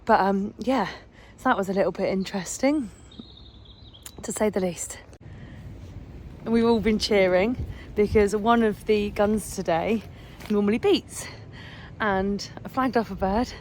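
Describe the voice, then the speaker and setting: A woman's voice: medium pitch, measured pace, long pauses, darkish tone. A woman from Hampshire with a Somerset-tinged West Country accent, chatting casually as she explains a day on the beating line. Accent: Somerset-tinged English West Country. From Hampshire, England. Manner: chatty and explanatory, laughs often. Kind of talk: casual outdoor vlog. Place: outdoors in countryside fields and hedges. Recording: noisy outdoor phone recording.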